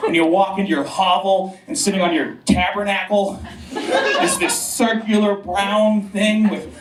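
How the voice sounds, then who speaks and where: A man doing a stand-up comedy set in a club, telling a profane, animated story with mock old-timey voices, audience laughing behind. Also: high-pitched, unhurried, noisy background. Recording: roomy club audio from far mic.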